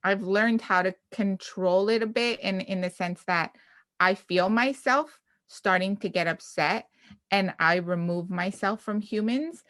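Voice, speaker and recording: A chatty woman podcast host in her thirties, from Canada, telling stories in an animated, lively way. Her voice sits in a middle pitch and sounds close and dry, with no room sound. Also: unhurried, dry recording. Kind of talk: casual chat.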